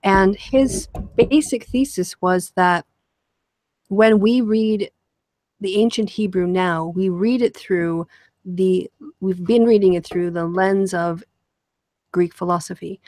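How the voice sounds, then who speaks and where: A woman's voice: medium pitch, takes it slowly, darkish tone, no echo. A woman hosting a casual conversation, explaining ideas in a rambling way with lots of fillers and restarts. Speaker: show host.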